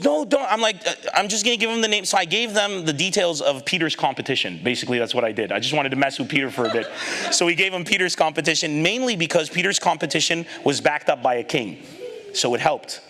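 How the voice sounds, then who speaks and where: A comedian giving an animated storytelling talk, acting out the people in his anecdotes and laughing at his own lines. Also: mid-range voice.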